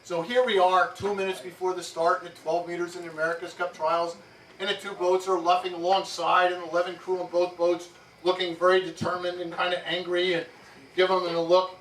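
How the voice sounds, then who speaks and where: Man telling lively stories to a room. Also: sits high, fairly quick. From New Jersey. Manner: lively, jokey anecdotes with frequent laughs. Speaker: keynote speaker. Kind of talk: storytelling speech to an audience. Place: yacht club event room. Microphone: far amateur camera. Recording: roomy, distant, noisy amateur tape.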